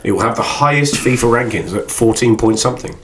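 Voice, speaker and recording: A man co-hosting a casual football podcast, telling stories in an animated way and swearing freely. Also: mid-range voice, fast. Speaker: podcast co-host.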